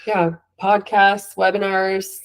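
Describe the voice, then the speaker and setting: A woman co-hosting a podcast in casual chat, chatty and quick to laugh along. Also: medium pitch, monotone. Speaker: podcast co-host.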